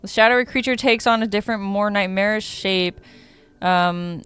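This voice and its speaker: A woman's voice: lowish voice, fairly bright tone, clean tone. A woman streamer who reads a dating sim's text aloud in a casual tone, often stumbling and correcting herself as she reacts. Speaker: streamer playing a dating sim.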